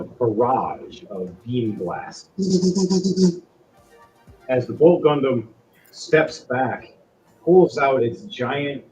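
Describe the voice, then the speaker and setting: A man's voice: medium pitch, darkish tone, dull audio. A man running a tabletop game as game master, narrating casually with frequent fillers.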